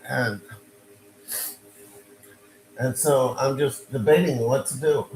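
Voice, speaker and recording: A man telling a story in a casual, animated way, often repeating phrases and restarting sentences. His voice sits in an ordinary middle pitch. A faint hum of noise runs underneath. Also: takes it slowly, rough recording.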